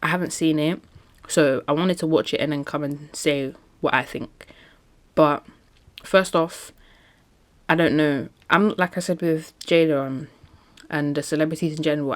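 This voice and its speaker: A woman talking casually in a solo podcast, chatty and emphatic, often laughing between points. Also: deep voice. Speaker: podcast host.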